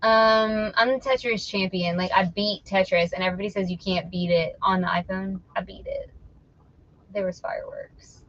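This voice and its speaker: A woman's voice: mid-range voice, steady tone, normal speed, fairly bright tone, highs cut off. A middle-aged woman hosting an online reselling show, chatting playfully and teasing her viewers while she lists items. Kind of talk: casual live-stream chat while listing items.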